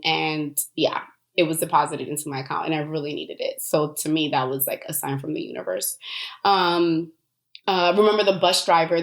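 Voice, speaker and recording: A woman hosting a solo podcast, telling personal stories in a chatty way with many fillers. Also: fairly low pitch. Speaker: podcast host. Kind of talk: casual solo podcast talk.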